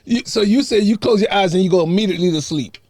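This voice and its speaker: A man's voice: high-pitched, quick pace, a little mellow, no room sound. A man, co-hosting a podcast and arguing back playfully in casual banter. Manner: argumentative, playful. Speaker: podcast co-host.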